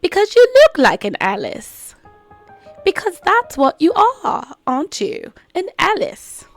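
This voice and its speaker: Rich: a woman playing a smug, riddling male cat from a game, purring out teasing half-answers in a put-on accent. The voice sits high and swoops widely, full of sly lilts. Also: big pitch swings, normal speed, soft background music.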